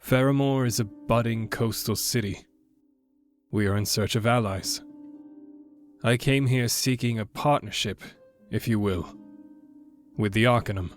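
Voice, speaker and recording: A man speaking in character as a player at a tabletop game, steady, measured and formal. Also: mid-range voice, faint music behind.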